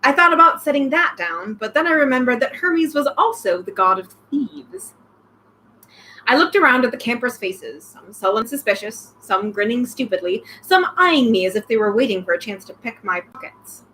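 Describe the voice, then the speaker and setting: Lively young woman reading aloud. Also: fairly high pitch, normal speed, a little hiss or hum, rough recording. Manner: excited outbursts between read passages. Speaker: reader, channel host. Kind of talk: reading a novel aloud with commentary.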